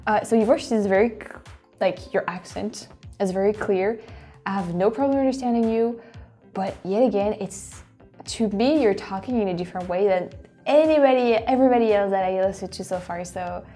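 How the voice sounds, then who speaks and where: A woman with a French accent hosts, reacting to clips with bursts of excitement. Her voice is mellow and warm rather than bright, at a middle pitch. Light music sits faintly underneath. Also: normal speed. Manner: excitable, effusive. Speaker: host. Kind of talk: casual reaction commentary.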